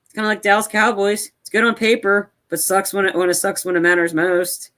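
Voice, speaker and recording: Rambling excitable male podcast co-host. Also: high voice, fairly quick. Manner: rambling, many restarts, excitable. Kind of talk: casual podcast chat.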